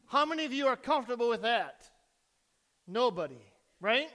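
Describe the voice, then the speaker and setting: A man's voice: very high-pitched, very animated, moderate pace, pushed and bright. A male pastor giving a sermon, reading scripture, praying and asking the congregation questions in a conversational way. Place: church.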